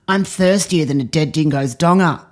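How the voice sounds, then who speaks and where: A man playing a crude, demanding Australian bloke with a broad Australian accent, in a loud, brash drawl. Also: on the high side, moderate pace, pitched above the performer's own voice, close to an everyday voice.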